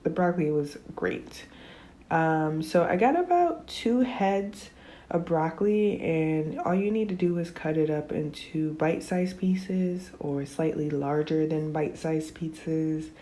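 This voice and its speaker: Low-voiced woman, fresh from sleep. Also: unhurried. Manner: relaxed, chatty, filler-heavy. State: just woken up, morning voice. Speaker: cooking vlogger. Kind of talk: casual voice-over.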